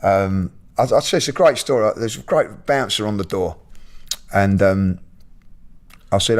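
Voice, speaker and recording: A man hosting a podcast, telling stories in a lively casual way, full of fillers and repeats. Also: on the low side, normal speed, long pauses. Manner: animated storyteller with many fillers and repeats. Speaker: podcast host. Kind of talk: casual chat, storytelling.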